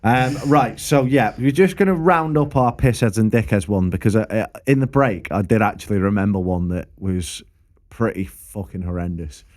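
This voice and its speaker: A man's voice: lowish voice, normal speed, a little mellow. A young man who tells sweary stories as a podcast co-host. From Preston area, England. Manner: sweary, laid-back anecdotal. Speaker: podcast co-host, local musician. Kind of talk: casual storytelling chat.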